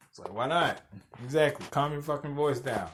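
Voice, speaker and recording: A young man hosting a podcast, telling a story in a loud, animated, profane way, acting out what people said and laughing often. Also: mid-range voice, normal speed, a little hiss or hum. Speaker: podcast host. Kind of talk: casual storytelling rant.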